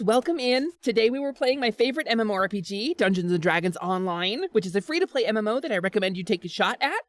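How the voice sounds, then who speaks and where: A woman streaming from home, chatting casually and animatedly with her viewers, rambling and quick to get fired up. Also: on the high side, no echo. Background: faint background music.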